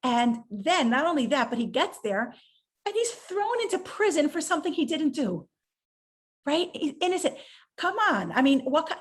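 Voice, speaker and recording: Woman, high voice, rebbetzin guest, lively storyteller acting out quotes. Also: moderate pace. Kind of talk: inspirational talk in an interview.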